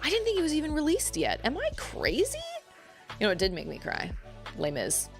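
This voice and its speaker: A woman's voice: sits high, huge pitch swings, brisk, over music. A woman livestreaming, chatting casually and rambling as she reacts to her viewers. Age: adult parent. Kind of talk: casual chat.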